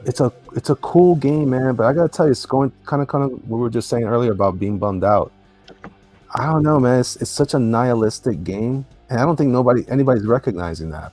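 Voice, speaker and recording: Brief: male guest artist, low-pitched and a bit raspy, meandering chat, soft guitar music underneath. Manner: meandering, self-deprecating. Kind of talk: casual chat while drawing.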